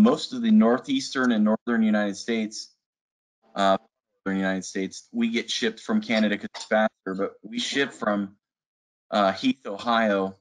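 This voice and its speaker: A man working as a sales manager who talks casually and enthusiastically in a webinar, with frequent fillers. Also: fairly low pitch. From Arizona. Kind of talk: webinar presentation. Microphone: video call.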